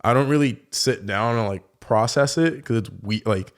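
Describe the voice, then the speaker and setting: Speaking at a moderate pace in a mid-range voice, a young man who's a professional dunker shares stories as a podcast guest. The conversation is casual, and his relaxed storytelling is full of "like."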